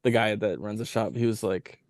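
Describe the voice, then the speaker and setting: A man's voice: fairly low pitch, brisk, no room sound, studio quality. A man telling a touring story as a podcast guest, rambling with lots of filler words. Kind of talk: casual storytelling chat.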